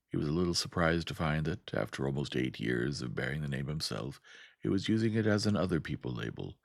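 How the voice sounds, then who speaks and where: Deep, gravelly male narrator. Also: expressive, brisk, no room sound, studio quality. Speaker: audiobook narrator. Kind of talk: calm audiobook narration.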